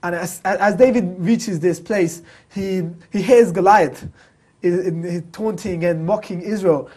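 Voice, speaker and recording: A man's voice: high voice, unhurried, dark tone, breathy edge. A man co-hosting a casual Bible discussion, stammering and repeating words as he builds a point. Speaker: co-host.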